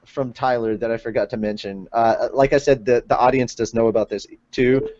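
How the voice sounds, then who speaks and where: A man's voice: medium pitch, fairly even intonation, fairly quick, darkish tone, a little hiss or hum. Rambling jokey man hosting a podcast. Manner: rambling, jokey, reads comments aloud. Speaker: podcast host. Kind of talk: casual podcast chat. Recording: dull lo-fi stream audio.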